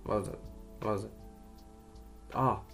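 A man's voice: fairly low pitch, steady tone, measured pace, vocal fry, fairly bright tone, faint music behind. Chatty young man, swearing. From Ireland. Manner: chatty, swears casually, laughs at his own jokes. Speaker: video creator. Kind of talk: casual quiz commentary.

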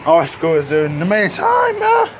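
A man's voice: on the high side, wildly swooping pitch, measured pace. Man playing a rambling, cursing Donald Duck. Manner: rambling, swearing, easily startled. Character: Donald Duck, panicky hot-tempered cartoon duck. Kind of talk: amateur fan film. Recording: outdoor traffic noise.

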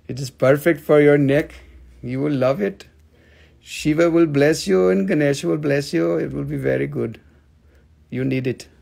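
A man's voice: a little high, a little slow, gravelly, darkish tone, exaggerated voice. A man voicing a playful male gem seller in a put-on Indian accent, bargaining in a singsong way. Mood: sales pitch.

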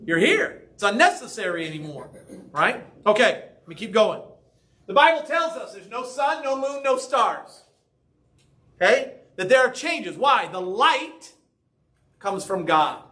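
A man's voice: sits high, lively intonation, measured pace, pushed and bright. A man preaching a sermon as pastor, talking conversationally and often checking in with "right?" and "okay?". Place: church sanctuary.

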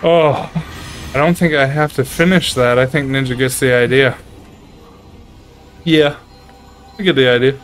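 A man streaming a video game, reacting loudly, swearing in frustration and chatting with his viewers. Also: medium pitch, steady tone, unhurried, pauses often, soft background music. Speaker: gaming streamer. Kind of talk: live gameplay commentary reading chat.

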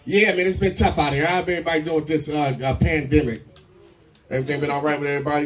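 A man doing a crude, rowdy stand-up set full of loud character bits. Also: on the high side, quick pace. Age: 40s. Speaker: stand-up comedian. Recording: live club mic, distant with crowd noise.

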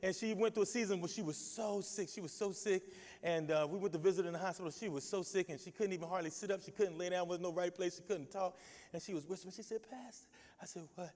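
Male pastor, high voice, shouting, call and response, long echo of a church hall. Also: steady tone, quick pace. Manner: shouting, exuberant preaching. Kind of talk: lively sermon with call and response.

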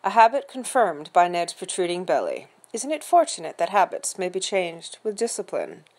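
A woman voicing a stiff, pompous male butler who speaks in a formal, slow and precise way. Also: lowish voice, very animated, a little mellow. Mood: stiffly formal. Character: stiff, pompous middle-aged male English-style butler.

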